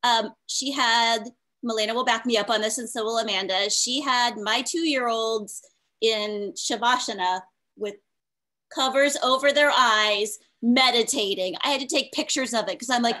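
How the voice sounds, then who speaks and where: A woman's voice: a little high, sharp tone. A woman teacher moderating a panel on a video call, upbeat and chatty.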